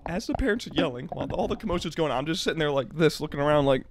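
A young man co-hosting a podcast, telling a story in a casual, animated and profane way. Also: a little high, very fast, gravelly, very noisy. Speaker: podcast co-host.

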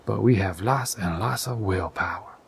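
A man voicing a sensible, patient male frog in a gentle whispered role-play storybook reading. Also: lowish voice, moderate pace, creaky, a little hiss or hum. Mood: proud. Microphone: condenser microphone.

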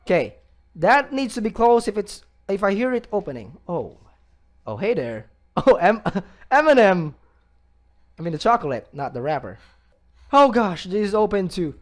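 A man's voice: high-pitched, big pitch swings, moderate pace, long pauses, slight background noise. A man commentating a horror game playthrough, jumpy and easily startled, gasping, yelping and laughing nervously as he plays. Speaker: let's play gamer.

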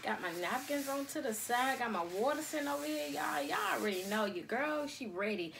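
A woman's voice: high voice, lively intonation, a little fast, gravelly, background noise. A young woman filming a casual vlog in her bedroom on her cell phone, chatting to viewers and calling them y'all. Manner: chatty, addresses viewers as y'all, repeats okay. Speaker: mukbang vlogger.

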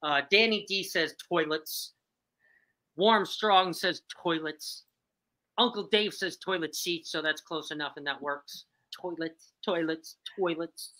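Bright New York-accented woman game host. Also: on the low side, unhurried. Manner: reads out viewer answers, jokey. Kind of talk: live-stream game show hosting.

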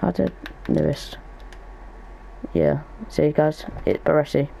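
A man's voice: on the high side, flat delivery, takes it slowly, vocal fry, mellow, slight background noise, rough recording. A young man giving casual gaming commentary as a YouTuber, thinking aloud as he goes. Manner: chatty, thinks aloud while opening packs.

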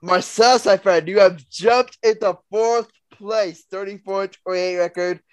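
A man's voice: sits high, fairly even intonation, moderate pace, smooth, dry recording. A young man hosting a casual sports podcast, reading out bet results and standings in an upbeat way. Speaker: podcast host.

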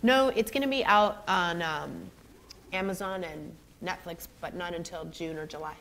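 An animated middle-aged woman, a guest actor telling stories on a college stage, laughing often. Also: lowish voice, normal speed, slight background noise. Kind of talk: storytelling on a college stage interview.

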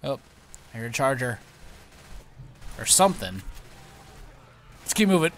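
A young man hosting a casual gameplay commentary, excitable and often startled. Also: mid-range voice, slow pace. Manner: excitable, lots of startled exclamations. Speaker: let's play host.

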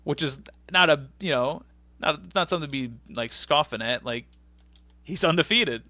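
Bright-voiced man, animated podcast host. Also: on the high side, moderate pace, no echo. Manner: laughs often, incredulous and animated. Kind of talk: casual chat recapping wrestling.

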